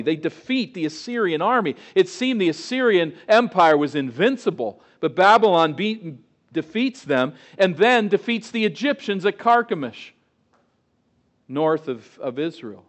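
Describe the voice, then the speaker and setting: A man preaching a sermon on a scripture passage, moving between quiet asides and loud, emphatic readings of quoted lines. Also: on the high side.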